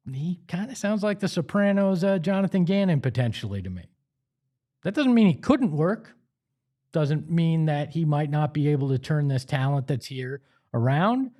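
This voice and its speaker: Animated man ranting about sports. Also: fairly high pitch, moderate pace. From Italian-American family. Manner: animated, emphatic, pleading asides. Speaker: sports talk host. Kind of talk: opinionated sports talk monologue.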